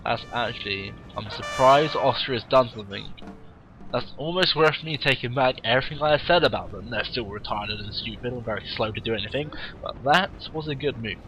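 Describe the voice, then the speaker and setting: A man with a cold, casually commentating a game replay in a warm room at home with wry, rambling asides. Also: mid-range voice, a little fast, faint music behind, low-quality recording. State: has a cold, sniffly.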